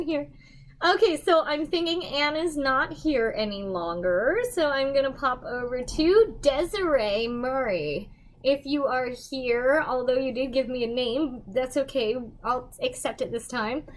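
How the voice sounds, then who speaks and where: Goofy young woman medium on a casual livestream, high-pitched, rambling, quick to laugh. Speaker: medium giving livestream readings.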